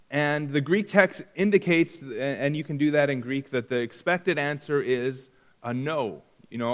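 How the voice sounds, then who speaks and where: Man teaching Bible class in echoey hall. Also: a little high. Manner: conversational, asks the class questions. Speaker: Sunday school teacher.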